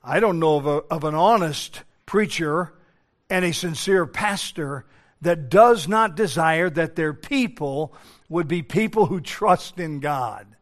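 Guy preaching a sermon, pretty high voice, keeps repeating himself for emphasis. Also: expressive, measured pace. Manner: emphatic preaching with repetitions and restarts.

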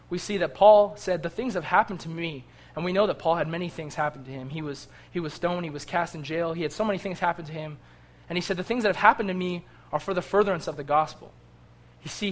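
A man preaching a sermon with fervor, reading scripture aloud and rising to impassioned cries. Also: on the high side.

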